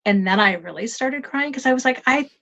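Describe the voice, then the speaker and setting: A woman guest on a podcast interview, telling stories in a lively, self-deprecating, humorous way. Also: fairly high pitch, a little fast, muffled recording. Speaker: guest, life coach.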